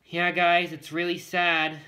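A man's voice: high-pitched, completely flat delivery, takes it slowly, pushed and bright. A male vlogger talking casually to the camera, rambling and repeating himself as he keeps addressing his viewers.

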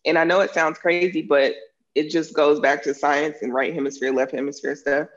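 A woman's voice: low-pitched, steady tone, normal speed, highs cut off. Earnest woman explaining self-defense. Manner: earnest, explanatory, many fillers. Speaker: self-defense instructor and author. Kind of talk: interview answers.

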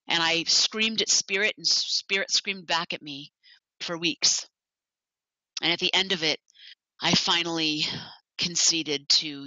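Low-voiced woman, earnest and heartfelt. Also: steady tone, a little slow, pushed and bright, no room sound. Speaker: animal sanctuary founder. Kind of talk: personal talk. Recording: dull lo-fi, dry.

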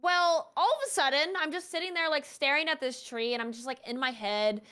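Young woman guest, high voice, chatty animated storyteller who fills with "like". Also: brisk. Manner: animated, heavy use of "like". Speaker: interview guest, streamer. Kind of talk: casual storytelling.

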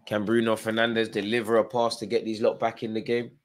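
A man's voice: on the low side, monotone, a little fast. A tired man hosting a live football watchalong, chatting through play-by-play with fan reactions. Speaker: watchalong host.

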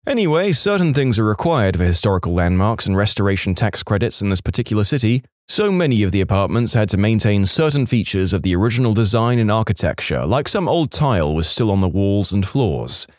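A man narrating reddit stories in an animated, scripted storytelling manner. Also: fairly low pitch, brisk, hardly any pauses, no echo, clean studio sound.

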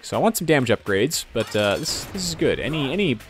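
With faint music behind him, a man comments on a game in a sing-song, medium-pitched voice, fairly quick. He rambles casually, jokes at his own expense, and does sound effects and comic impressions.

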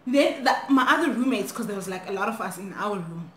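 Animated woman storyteller. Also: medium pitch, fairly quick. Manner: animated, switching languages mid-sentence. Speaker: vlogger. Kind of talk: storytime vlog. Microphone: phone camera. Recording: echoey room, faint noise.

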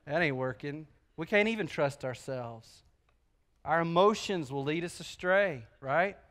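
High, bright-voiced pastor. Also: male voice, animated, measured pace. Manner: folksy, joking, conversational. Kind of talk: sermon with personal stories.

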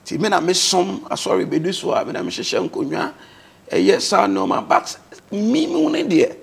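A man's voice: high-pitched, wildly swooping pitch, normal speed, vocal fry, slightly rough. A man with a Ghanaian accent, a guest on a talk show, earnestly telling his life story and mixing English words into his speech.

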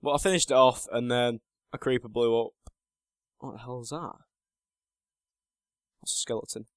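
A man's voice: mid-range voice, normal speed, dry recording. A man in his late teens giving casual, self-mocking commentary while playing a game, muttering to himself between remarks. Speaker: gaming channel host.

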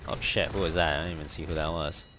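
A man's voice: extremely low pitch, flat delivery, fast, noisy background. A man streaming a video game, commenting casually and muttering jokes to himself.

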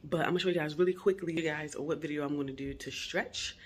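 A woman's voice: sits low, fairly even intonation, fast talker, husky. A woman in her forties, a mother of two, casually chatting to her viewers in a home vlog, easygoing and full of y'alls and ums.

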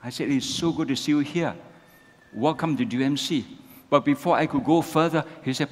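A man's voice: fairly high pitch, moderate pace. A male pastor preaching a sermon, asking the congregation rhetorical questions and tagging lines with "isn't it?". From Malaysia. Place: church sanctuary. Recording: long church hall reverb.

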